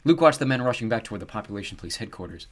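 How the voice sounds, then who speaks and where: A male audiobook narrator with a low voice that still moves a lot in pitch. He reads in a steady, measured way and gives the scenes a lively shape.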